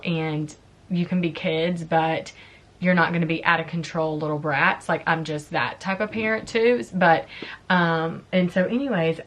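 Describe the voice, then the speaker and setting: A woman in her thirties with a slightly low voice chats casually through a makeup vlog at home. She tells a personal story openly and turns emotional and tearful along the way, her speech loose and full of fillers. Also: fairly bright tone. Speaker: beauty vlogger. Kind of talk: casual chat.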